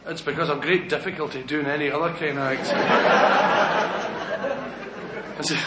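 A man's voice: fairly high pitch, a little slow. A man with a Glasgow accent doing rambling live stand-up, chatty and giggling as he tells a story. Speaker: stand-up comedian. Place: stage in a large hall. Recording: live venue, echoey, crowd laughter and hiss.

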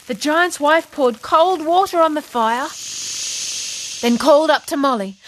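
A woman reads a children's fairy tale aloud, slow and deliberate. Her voice sits a little high and sounds dry and close. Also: no room sound. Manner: slow, expressive storybook narration. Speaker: storyteller. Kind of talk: children's story reading.

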